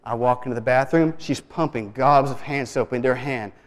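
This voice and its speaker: A man preaching a sermon, telling a story in a relaxed, conversational way with many restarts. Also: medium pitch, fairly quick. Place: church sanctuary. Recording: long reverb of a church hall.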